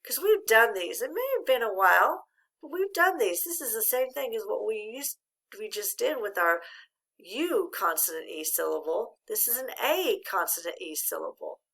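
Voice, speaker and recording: A woman's voice: on the high side, very animated, moderate pace, vocal fry, fairly bright tone. A middle-aged woman teaching a patient, encouraging phonics lesson to a child. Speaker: reading teacher.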